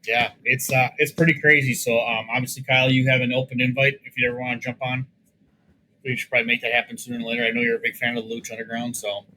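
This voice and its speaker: A man's voice: mid-range voice, flat delivery, fast talker, pushed and bright, slight background noise, poor audio. A man appearing as a guest on a podcast, chatting casually with many fillers. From American Midwest. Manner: rambling, filler-heavy talk. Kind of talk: casual chat.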